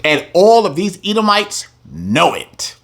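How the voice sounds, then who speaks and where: A man's voice: high voice, a little slow. A man teaching from scripture, reading verses aloud and breaking into heated, emphatic commentary. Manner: animated, emphatic, swings between reading and loud preaching. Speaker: religious teacher.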